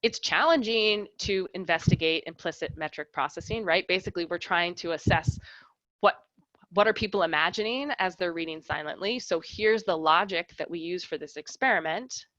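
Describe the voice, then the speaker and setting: A woman's voice: lowish voice, normal speed, fairly bright tone, no room sound, dull audio. A woman researcher giving an academic lecture and explaining examples step by step. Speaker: researcher giving a lab talk.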